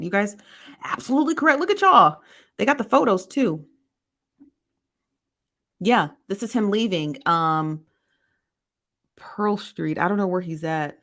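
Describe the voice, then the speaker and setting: A woman hosting a casual live stream, reading viewer comments aloud and answering them. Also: lowish voice. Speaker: host reading live chat.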